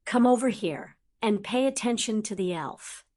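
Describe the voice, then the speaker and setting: A woman's voice: fairly high pitch, expressive, normal speed, a little mellow. Woman voicing Harry, urgent teen boy. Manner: urgent and insistent. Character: excited teenage boy wizard, urgent.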